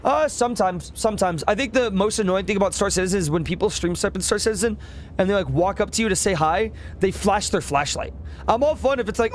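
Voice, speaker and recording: A man's voice: high-pitched, animated, quick pace, a little hiss or hum. A young man chatting casually with viewers while streaming a game. He rambles in slang, swears often and laughs a lot.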